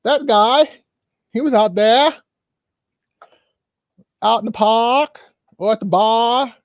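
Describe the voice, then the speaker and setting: A man's voice: very high-pitched, slow pace, no echo, pitched above the performer's own voice, full character voice. A man voicing a brash barroom man with a Boston accent. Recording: dull, lo-fi.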